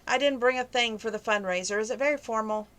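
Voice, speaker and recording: A woman's voice: a little high, quick pace, a bit bright, close to an everyday voice. A woman reading the lines of a frank young woman who answers her mother in a wry, blunt manner.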